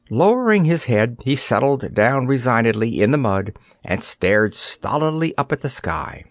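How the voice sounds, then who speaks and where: A man narrating an audiobook in an expressive storytelling manner, on a close studio mic. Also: medium pitch, moderate pace, hardly any pauses, no echo.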